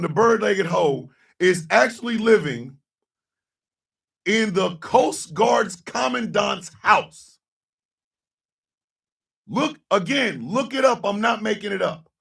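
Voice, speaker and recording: A man hosting a radio show, ranting angrily and sarcastically about politics, swearing and often shouting. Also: high voice, gravelly, far from the mic. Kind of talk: angry political rant.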